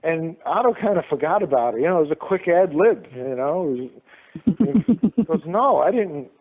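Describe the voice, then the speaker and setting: A man's voice: fairly high pitch, normal speed. New man telling stories on a phone line. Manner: animated, acts out quoted lines. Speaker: guest. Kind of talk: storytelling in a casual interview.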